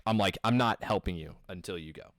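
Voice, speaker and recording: Young midwest guy, low-ish voice, loose sweary storytelling, lots of "like". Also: a little fast, fairly bright tone, no room sound. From American Midwest. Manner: rambling storyteller, swears a lot, many fillers. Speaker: podcast co-host telling a work story. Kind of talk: casual chat.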